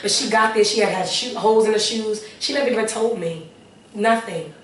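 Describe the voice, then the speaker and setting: A woman's voice: mid-range voice, a little fast, far from the mic. An earnest woman, an interview guest, telling her personal testimony with prayerful asides and repeated phrases. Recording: echoey room, voice a little off-mic, faint background noise.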